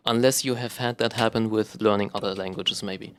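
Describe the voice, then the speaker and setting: A man's voice: medium pitch, normal speed. Rambling young man. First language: German. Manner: rambling, profane, self-correcting, many ums. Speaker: vlogger. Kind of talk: casual monologue to camera.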